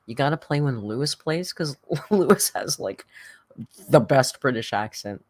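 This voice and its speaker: A woman's voice: extremely low pitch, animated, a little slow, poor audio. Woman, live stream host, casual chat, coos at her pet. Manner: chatty, coos baby talk to her cat.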